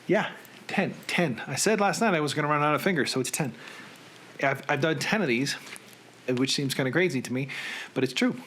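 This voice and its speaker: A man in his thirties hosts a loose, self-deprecating chat from his home. His voice sits a little high for a man. A faint hum of room ambience runs under his voice. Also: a little fast, long pauses, fairly bright tone. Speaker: host. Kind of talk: casual chat.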